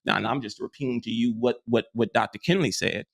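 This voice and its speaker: A man's voice: medium pitch, quick pace, vocal fry. A man teaching metaphysics in a loose, rambling lecture, often restarting and tagging on "you see.". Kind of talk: informal spiritual lecture.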